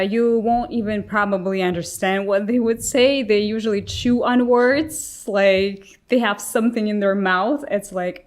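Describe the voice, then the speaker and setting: A woman whose first language is Russian, chatting casually as a podcast guest, laughing often and filling her talk with "like.". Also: mid-range voice. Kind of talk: casual chat.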